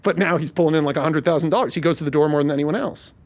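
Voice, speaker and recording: A podcast host and screenwriter chatting casually, pitching a movie in an animated, swearing rush. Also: male voice. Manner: rapid, animated, swears freely.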